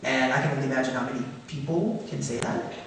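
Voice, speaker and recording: A man speaking onstage at a public event, earnest and animated, his voice rising on questions. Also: medium pitch, quick pace, gravelly, a little hiss or hum. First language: Tagalog. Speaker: guest speaker. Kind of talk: onstage conversation. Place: high school auditorium. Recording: echoey hall from far off.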